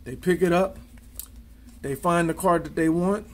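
A man's voice: a little high, unhurried, slight background noise. A man demonstrating card tricks, talking casually and counting and spelling aloud as he deals. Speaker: amateur magician.

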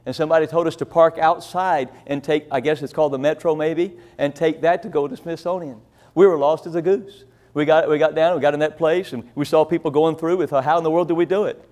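Folksy high-voiced country preacher. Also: male voice, steady tone, fast, a little mellow. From rural Illinois, USA. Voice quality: deaf in one ear. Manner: folksy, rambling, self-deprecating. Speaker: pastor. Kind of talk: storytelling sermon.

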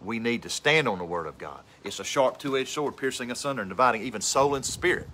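A man's voice: medium pitch, lively intonation, fast, sharp tone, slight background noise, low-quality recording. A man preaching with fervor, repeating phrases and building to emphatic peaks. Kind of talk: impassioned outdoor sermon.

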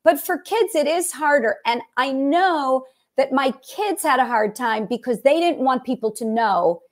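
A middle-aged woman with a high voice tells a long, rambling story in casual podcast chat. She slips into the voices of the people she quotes and keeps circling back to her point. Her delivery is loose and conversational, full of asides. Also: animated, unhurried. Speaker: guest comedian.

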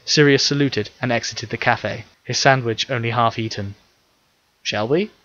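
Brief: male audiobook narrator, steady measured reading, bright forward tone, slightly dull audio. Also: mid-range voice, dry recording. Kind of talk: scripted narration.

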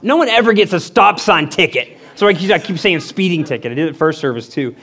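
A middle-aged man preaching a sermon as pastor, telling a personal story in an animated way and acting out the voices with big pitch jumps. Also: fairly quick.

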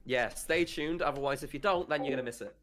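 A man's voice: a little high, fast talker, music in the background. A man joining a casual livestream as a guest co-host, eager and chatty, over call audio.

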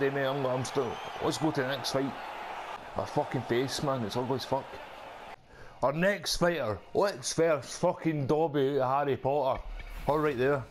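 A young Scottish man hosting his gaming channel, giving brash, sweary trash-talk commentary over gameplay with bursts of shouting. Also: fairly high pitch. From Scotland. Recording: noisy background ambience.

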